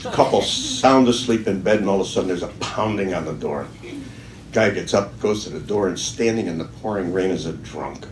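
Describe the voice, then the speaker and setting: A man's voice: low-pitched, normal speed, a little hiss or hum. Older man telling stand-up jokes. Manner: storytelling, jokey. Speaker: stand-up comedian. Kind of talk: open-mic stand-up. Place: open-mic venue, room. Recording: echoey room from far off.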